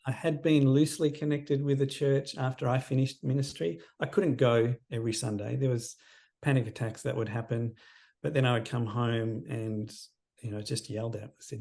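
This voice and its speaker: A man in his fifties, a counsellor guest on a podcast interview, telling a personal story in an earnest, reflective way that often trails off quietly. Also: medium pitch, fairly even intonation, moderate pace, gravelly. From Australia.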